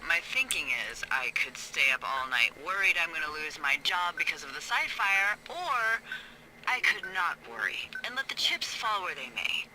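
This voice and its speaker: A woman's voice: on the low side, sing-song, moderate pace. A woman voicing a teasing, wry female fire lookout who banters over the radio. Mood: musing. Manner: playful, flirty banter. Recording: heavy background noise in game audio.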